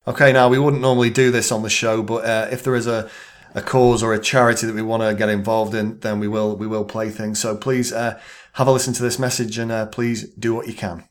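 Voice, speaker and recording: A man's voice: lowish voice, flat delivery, fairly quick. A man presenting a spoof radio show in a dry, mock-formal manner.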